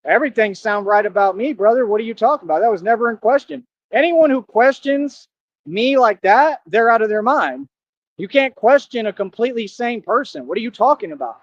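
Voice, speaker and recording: Streamer, male, high voice, dry close mic, confrontational and preachy. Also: dry recording, dull audio. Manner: combative, preachy, repeats rhetorical questions. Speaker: live streamer. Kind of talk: livestream rant reading comments.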